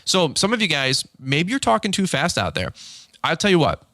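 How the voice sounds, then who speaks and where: A middle-aged man hosts a podcast and talks straight at the listener in a quick, excitable rush. His voice is bright and forceful, and it is recorded dry and close with no room sound. He slips into short acted-out exchanges as he goes. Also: a little high, no echo. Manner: fast-talking, excitable, acts out quick dialogue. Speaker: podcast host. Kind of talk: unscripted podcast monologue.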